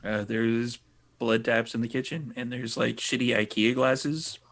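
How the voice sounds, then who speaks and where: A man's voice: medium pitch, steady tone, a little slow, fairly bright tone. A man acting as game master and narrating a tabletop game in a dry, offhand way.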